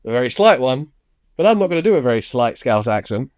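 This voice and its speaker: A man's voice: mid-range voice, very animated, fast, a little mellow, clean tone, dry recording, studio quality. A man co-hosting a podcast in casual, jokey, teasing chat. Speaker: podcast co-host.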